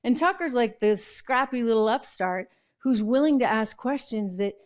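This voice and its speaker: A woman's voice: a little high, lively intonation, moderate pace. A middle-aged woman host chatting and telling a story in casual commentary. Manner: chatty storytelling with fillers and laughs.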